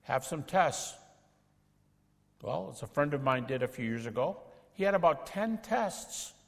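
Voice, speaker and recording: Middle-aged male lecturer, animated, plays out dialogues, slightly high voice, hall echo. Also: a little slow, vocal fry. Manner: animated, acts out dialogues with doubters. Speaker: speaker teaching apologetics. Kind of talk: lecture to an audience.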